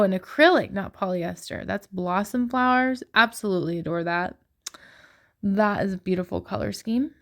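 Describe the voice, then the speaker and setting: Woman, middle-aged, unhurried, admiring, casual voice-over. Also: mid-range voice. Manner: gushing, admiring. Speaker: yarn shopping vlogger.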